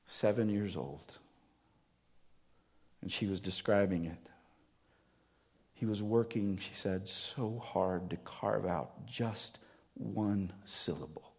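A man preaching a sermon at an unhurried pace, his voice sitting somewhat low. He moves between earnest emphasis and hushed, near-whispered passages, as a pastor speaking to his congregation.

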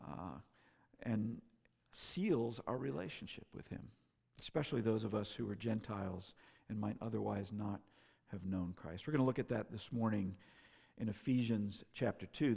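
A man preaching a sermon as pastor, telling a story in an earnest way that swings between loud and soft. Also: medium pitch, creaky. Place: church sanctuary. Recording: long reverb of a hall.

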